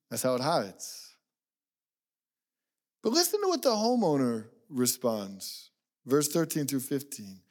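A man preaching a sermon, telling a story and acting out the voices in it, dropping low and quiet to make a point. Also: big pitch swings, slow pace, long pauses. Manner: storytelling, acts out quoted voices, drops low and quiet for emphasis. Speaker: pastor.

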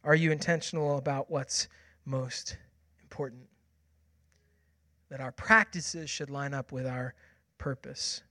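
A man in his thirties preaching a sermon, telling a personal family story and moving from hushed, quiet passages to loud, excited ones. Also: medium pitch, measured pace, long pauses, no echo. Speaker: pastor.

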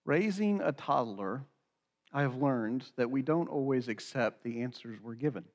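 A man's voice: medium pitch, animated, moderate pace, big-room sound. A man preaching a sermon as pastor, earnest and acting out quoted dialogue.

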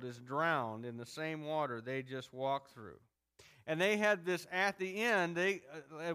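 A man's voice: high-pitched, fairly bright tone, clean tone. A man preaching a sermon in a conversational way, acting out the people he talks about. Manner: conversational preaching, acts out grumbling crowds. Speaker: pastor.

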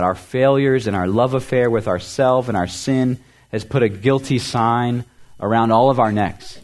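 A male pastor preaching with a somewhat low voice. He speaks earnestly, repeating words for emphasis. His voice lifts on key phrases and falls soft and quiet at the ends of thoughts. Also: moderate pace. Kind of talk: sermon.

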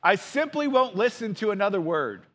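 A stern mother bear from a children's storybook, firm and scolding, as a male preacher reads her aloud. Her voice sits a little high and sounds bright. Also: big pitch swings, moderate pace, full character voice.

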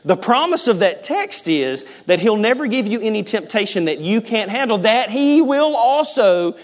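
Pastor preaching in a reverberant hall. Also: male voice, sits high, big pitch swings, moderate pace. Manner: conversational and jokey, shifting between loud emphasis and soft near-whispers. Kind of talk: sermon.

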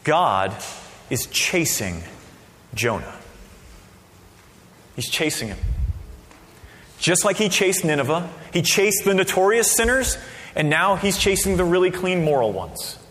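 Give me a lively male pastor with a slightly high voice, preaching in a hall with long reverb. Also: unhurried, long pauses, a little hiss or hum. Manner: animated, conversational preaching with sudden loud outbursts. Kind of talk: sermon.

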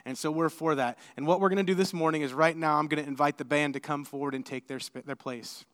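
A middle-aged man preaching as a pastor, telling a personal story in a conversational, animated way before leading prayer. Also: fairly high pitch, fast. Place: church sanctuary. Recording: church hall with long reverb.

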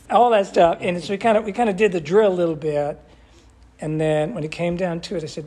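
A man's voice: high-pitched, fairly quick, dark tone, slight background noise. An older man teaching a Bible study in an earnest, emphatic way, often asking his class questions.

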